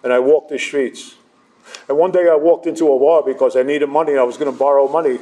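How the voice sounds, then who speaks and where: A man's voice: medium pitch, fairly even intonation, quick pace, warm tone. Man telling his recovery story, joking. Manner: conversational, self-deprecating humor. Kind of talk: storytelling talk to a live audience. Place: hall with a live audience.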